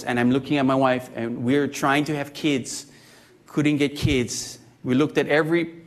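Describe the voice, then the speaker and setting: A man in his fifties preaching a sermon, talking conversationally, joking and asking the congregation questions. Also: fairly high pitch. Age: 50s. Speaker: pastor.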